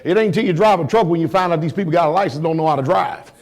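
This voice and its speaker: A man with a high voice preaches a sermon in a casual, street-level way. He throws rhetorical questions at the congregation, drops into quiet asides and then builds up to loud shouts. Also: racing. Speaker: pastor.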